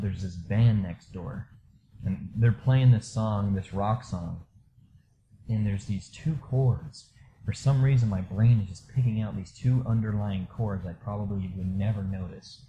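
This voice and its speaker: A man candidly telling a personal story in a casual, rambling way, full of fillers, going quiet at the low moments. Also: muffled recording, noisy background. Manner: candid, rambling, many fillers, drops soft when reliving low moments. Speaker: storyteller sharing a personal experience.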